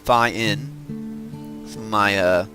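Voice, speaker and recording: Over music, a man from the American South with a Southern accent and a medium-pitched, slightly slow voice hosts a let's-play video. He chats casually as he builds, musing aloud with plenty of fillers.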